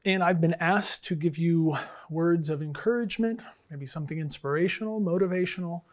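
A man, an English professor and department chair, telling bad jokes to students in a dry, deadpan way with lots of fillers. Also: fairly high pitch, brisk. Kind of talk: casual joke-telling address to students.

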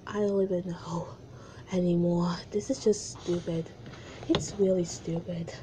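A woman's voice: lowish voice, steady tone, measured pace, warm tone, slight background noise, low-quality recording. A young adult woman vlogger reading aloud her old childhood stories and reacting to them, exasperated, with whispered asides.

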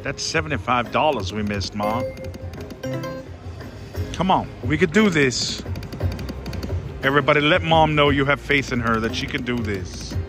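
A man playing slots on a casino floor, giving excitable running commentary and calling out to his viewers and his mom. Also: mid-range voice, unhurried, long pauses. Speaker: casino slot vlogger. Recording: casino floor with loud music. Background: slot machine music.

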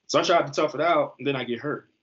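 Animated slangy man, lo-fi sound. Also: a little high, fast. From US East Coast. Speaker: guest, football player. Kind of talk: casual storytelling interview. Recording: slightly muffled lo-fi recording.

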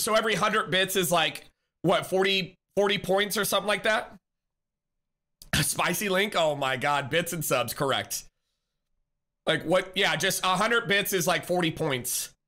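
A male streamer with a high, bright, ringing voice, teasing his chat and laughing easily. He thanks viewers and reads out messages in a loose, casual way. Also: unhurried. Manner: chatty, teasing, laughs often.

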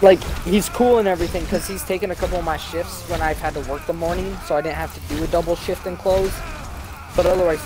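A young man with a slightly high voice rants and tells crude, animated stories in casual chat over a headset. A steady wash of background noise sits under his voice, and his delivery stays loud and full of swearing. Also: fast talker. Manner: animated, profane storytelling. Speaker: streamer. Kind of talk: casual chat while gaming. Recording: noisy background.

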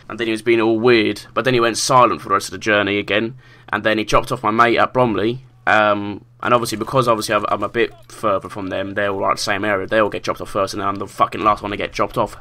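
Young South London guy, slangy and sweary storyteller, lowish bright voice. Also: flat delivery, fast talker. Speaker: vlogger. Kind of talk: casual storytelling.

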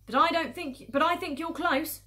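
A woman's voice: very high voice, very fast, pitched above the performer's own voice, full character voice. A woman voicing a fat, furious farmer who bellows orders in a storybook reading. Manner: loud, bellowing. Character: fat, furious farmer shouting at his men.

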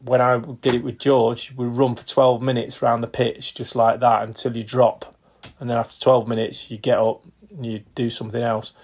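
A man's voice: medium pitch, moderate pace, slightly rough. Man in his fifties telling stories. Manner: lively storyteller who acts out quotes and laughs often. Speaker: podcast guest, retired footballer. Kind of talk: casual anecdotal storytelling.

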